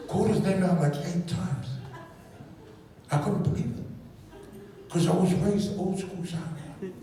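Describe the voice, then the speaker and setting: A man with a high voice tells a stand-up story, animated and playful as he acts out scenes. He sounds far from the mic in a very echoey space. Noise sits behind him. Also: unhurried, long pauses. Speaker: stand-up comedian.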